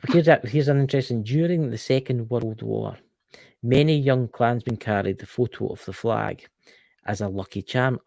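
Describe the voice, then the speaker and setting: Gravelly Scottish man, dry close mic. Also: mid-range voice, moderate pace, mellow, no room sound. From Scotland. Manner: stumbling, jokey, exclaims in mock outrage. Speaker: live stream co-host. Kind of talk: casual chat reading history aloud.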